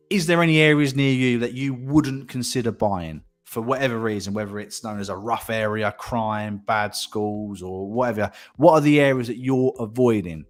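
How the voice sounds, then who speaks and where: A man hosting a casual property livestream, chatting and reading out viewer comments, often repeating himself and laughing. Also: medium pitch.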